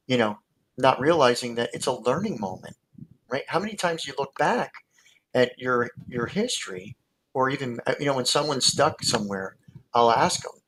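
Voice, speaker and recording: A man's voice: mid-range voice, expressive, moderate pace, fairly bright tone, poor audio. A man with an ordinary mid-range voice speaks as a hypnotist guest over a video call. He rambles through his points and tells stories, stopping and restarting sentences as he goes. A faint hiss of noise sits under his voice. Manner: rambling, storytelling with many fillers and restarts. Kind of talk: casual conversational explanation.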